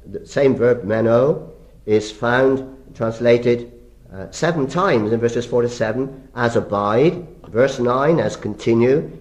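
An older man gives a teaching talk on scripture in a middle-pitched voice. He moves deliberately, pausing and restarting his phrases. He lifts his pitch to stress important words. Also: a little mellow. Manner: deliberate, pausing, with frequent restarts and filler uhs. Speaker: Bible teacher.

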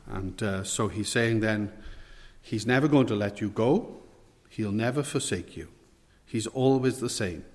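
Earnest male preacher in reverberant church. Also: on the low side. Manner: earnest, measured, rhetorical questions. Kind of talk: expository sermon.

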